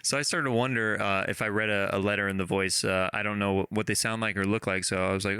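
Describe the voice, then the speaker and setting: Bright, laughing male host, casual and a bit halting, close dry mic. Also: on the low side, fairly even intonation, clear, resonant tone, dry recording. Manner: laughs often, halting with fillers. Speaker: podcast host. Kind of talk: casual chat.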